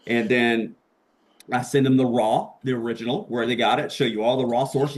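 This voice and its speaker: Excitable, profane man telling a story. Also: mid-range voice, moderate pace. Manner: profane and excitable, acts out quoted voices. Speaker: podcast guest. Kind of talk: casual storytelling.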